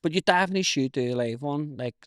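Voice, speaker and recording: A man's voice: fairly high pitch, fast talker, a bit bright, no echo, studio quality. A man with a West Belfast accent, chatting bluntly as a podcast guest, swearing freely and calling people "mate". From Northern Ireland. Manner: blunt, swears a lot, says "mate" often. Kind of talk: casual chat.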